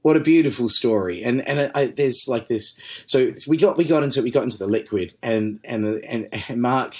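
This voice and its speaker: A man with a New Zealand accent and a mid-range voice talks through his stories in a loose, animated way. He swears freely and laughs often, and he acts out the people he quotes. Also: medium pitch, moderate pace, husky. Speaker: podcast guest, distillery managing director. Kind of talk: casual conversational storytelling.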